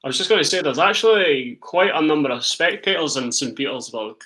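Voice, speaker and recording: A man's voice: fairly high pitch, animated, brisk, sharp tone, low-quality recording. A man co-hosting a football stream, joking around in casual banter. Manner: jokey, playful. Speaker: co-host.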